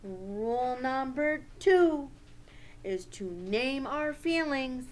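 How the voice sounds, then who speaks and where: A woman teaches young children a social-emotional lesson using a slow, sing-song, exaggerated teacher voice. Her voice sits high and sounds animated.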